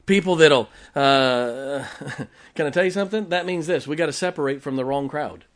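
A man's voice: fairly high pitch, normal speed. A man preaching a sermon as pastor, emphatic, with rhetorical questions, joking asides and check-ins with the congregation.

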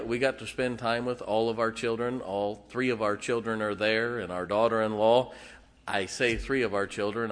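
A middle-aged man preaching a sermon as pastor, folksy and halting, with many fillers. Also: lowish voice, a bit bright, long reverb tail. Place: church sanctuary.

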